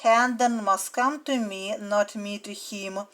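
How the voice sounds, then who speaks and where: A woman reading the lines of a proud young boy king who gives orders, in a slow, measured reading. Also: medium pitch, fairly even intonation, fairly bright tone. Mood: commanding.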